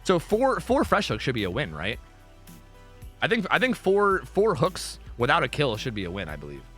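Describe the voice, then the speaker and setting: Lively, excitable male game streamer. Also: medium pitch, moderate pace, soft background music. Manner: excitable, profane, chatty with viewers. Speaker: streamer casting a match. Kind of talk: casual live-stream chat and game commentary.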